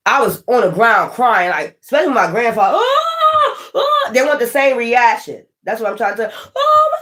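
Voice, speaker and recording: A woman doing a casual tarot reading, animated and profane, laughing often and talking straight to the viewer. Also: on the high side. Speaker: tarot reader.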